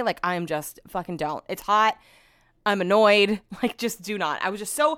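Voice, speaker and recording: A woman's voice: mid-range voice, fairly quick, a bit bright, no echo, clean studio sound. A young woman hosting a casual chat show, telling stories animatedly, swearing freely and acting out what others said. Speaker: podcast host.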